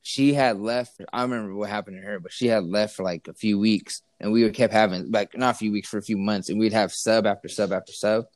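A man's voice: lowish voice, steady tone, fairly quick, hardly any pauses, no room sound. A young man telling a story in casual chat, rambling with lots of fillers and restarts, teasing his friend.

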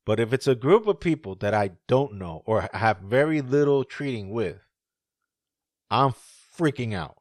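Brief: man co-hosting a podcast, lively swinging pitch, swears freely, laughs a lot, dry close sound. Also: a little slow, dry recording. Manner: animated, profane, laughs often. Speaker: podcast co-host. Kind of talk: casual chat.

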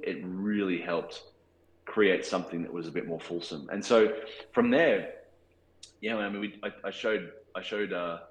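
Australian man, forties, low voice, hesitant interview talk, roomy echo. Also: fairly bright tone, a little hiss or hum. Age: 40s. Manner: thoughtful, hesitant, many restarts and fillers. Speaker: cinematographer guest.

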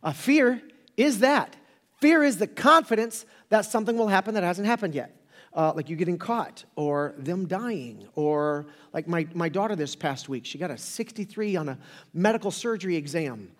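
A middle-aged male pastor with a fairly high voice, joking and rambling through a casual sermon. His voice rings out with a long reverb, as if it were heard in a church sanctuary. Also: normal speed. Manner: joking, rambling, animated storytelling.

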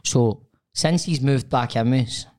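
Scottish guy in his 30s, podcast cohost, rambly animated storytelling, swears a bit, studio mic. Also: mid-range voice, unhurried. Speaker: podcast co-host. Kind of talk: casual chat.

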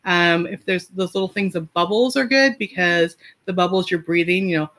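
A woman's voice: lowish voice, normal speed, a bit bright. A woman in her forties, a parent giving casual advice, talking in a chatty way with lots of fillers, restarts and light laughs. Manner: laughs lightly mid-sentence.

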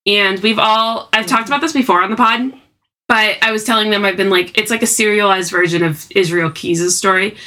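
A woman co-hosting a podcast in casual chat, animated and swearing freely. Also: medium pitch, brisk. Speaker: podcast co-host.

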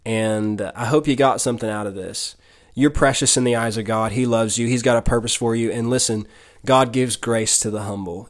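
A man gives a devotional talk on his podcast. He speaks earnestly, like a preacher, and addresses the listener directly with mid-range pitch. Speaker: podcast host.

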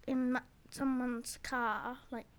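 A daughter on a casual family podcast, chatty and telling stories. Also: female voice, sits high, little pitch movement, takes it slowly. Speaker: daughter, guest.

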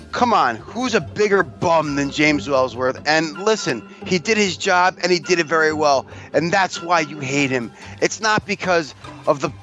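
Sarcastic, teasing podcast co-host. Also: male voice, fairly high pitch, a bit bright. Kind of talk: casual chat.

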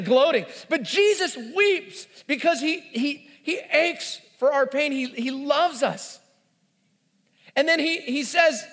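A man in his forties preaching a sermon, telling the story in an animated way and acting out the voices. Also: very high-pitched, normal speed. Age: 40s. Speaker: pastor. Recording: reverberant hall.

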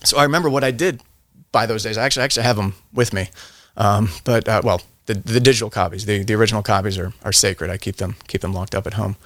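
A man's voice: lowish voice, fast talker, fairly bright tone, no room sound, studio quality. A middle-aged man, a veteran guest on a podcast, telling a long story in a rambling way, often restarting his sentences and laughing. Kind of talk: casual storytelling.

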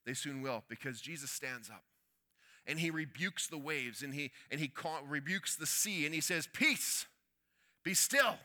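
A man preaching a sermon, telling a story that swings between loud urgency and hushed quiet. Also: fairly high pitch, moderate pace.

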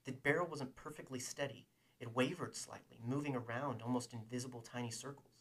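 A man reading a novel aloud in a steady, even storytelling voice. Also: medium pitch, a little fast, slightly rough. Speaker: audiobook narrator.

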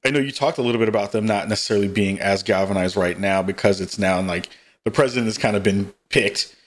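A man's voice: fairly low pitch, quick pace. A man hosting a podcast interview, earnest, asking long winding questions with fillers. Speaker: podcast host. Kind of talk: casual interview.

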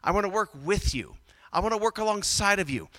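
A man preaching a sermon, swinging from loud emphatic bursts to quiet low asides. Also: expressive, a little fast, dry recording, in a large hall. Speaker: pastor.

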